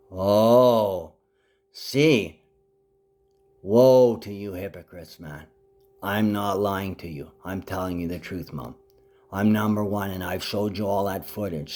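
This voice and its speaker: Low-voiced man, rambling vlog monologue. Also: darkish tone. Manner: rambling, jumps between topics, sudden pitch leaps; speaks to his mother directly, affectionate.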